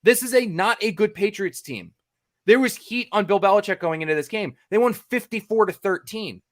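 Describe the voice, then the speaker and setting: A man's voice: sits high, moderate pace. An American man, a sports reporter co-hosting a podcast, ranting in exasperation, repeating himself and swearing freely.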